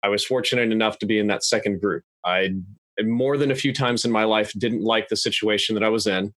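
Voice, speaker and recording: A young adult man talking in a measured, analytical, plain-spoken way as a podcast guest. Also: fairly low pitch, fairly bright tone, dry recording. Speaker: guest YouTuber. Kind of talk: casual podcast interview. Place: podcast studio.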